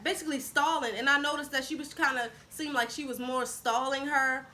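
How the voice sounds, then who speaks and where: A woman in her twenties telling a casual storytime vlog, chatty and animated, acting out what people said. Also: high-pitched, fairly quick, hardly any pauses, noisy background. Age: 20s. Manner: chatty, animated retelling with acted-out quotes. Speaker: vlogger.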